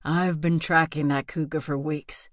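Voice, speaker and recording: A woman voicing a blunt, wary rural male hunter in a whispered role-play storybook reading, quiet and firm. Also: low-pitched, fairly even intonation, a little slow, dry recording, clean studio sound.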